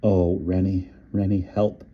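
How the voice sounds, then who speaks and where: A man's voice: low voice, level tone, measured pace, dull audio. A man voicing a frightened, injured teenage girl who pleads with a trembling voice, close to hysterics. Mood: pleading.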